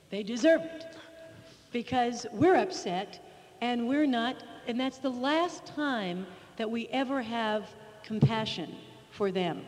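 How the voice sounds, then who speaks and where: A woman's voice: on the high side, darkish tone. A woman co-leading a talk to a live group, direct and emphatic as she explains. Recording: reverberant hall.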